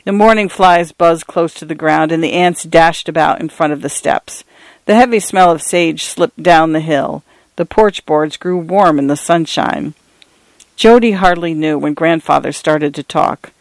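A man narrates a novel in a measured storytelling voice, pitched somewhat high for a man. The recording is dry and close, with no room sound. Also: vocal fry, no room sound. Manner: measured storytelling, shifting tone slightly for characters. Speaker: audiobook narrator.

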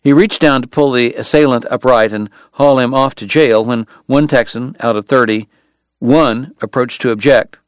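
A man narrating a western novel in a measured, even storytelling manner. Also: mid-range voice, clear, resonant tone, no room sound. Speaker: audiobook narrator. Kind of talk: scripted narration.

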